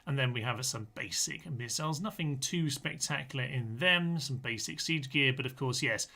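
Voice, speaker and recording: A man's voice: medium pitch, normal speed, sharp tone. A man commenting on a live-streamed strategy game, chatty and full of ums as he reads out and answers viewers' chat comments.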